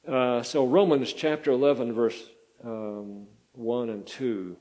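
Older man preaching, halting and folksy. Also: medium pitch, fairly even intonation, mellow, poor audio. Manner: folksy, halting, many fillers and restarts. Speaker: pastor. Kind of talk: sermon.

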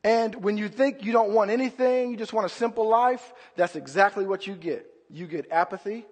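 A man preaching a sermon with passion, swinging between loud outbursts and low, quiet asides. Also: moderate pace, in a large hall.

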